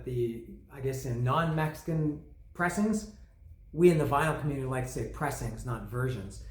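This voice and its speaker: A man hosting an album review show, telling a long story in a rambling, self-mocking way with many asides. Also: fairly high pitch. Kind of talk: casual rambling monologue. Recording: echoey room.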